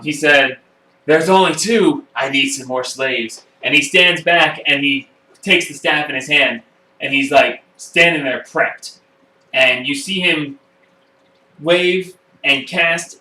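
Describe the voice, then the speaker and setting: A man narrating as game master of a home tabletop game, animated, with quick voiced asides and many fillers. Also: a little high, slight background noise. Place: room at home. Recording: echoey room, far from the mic.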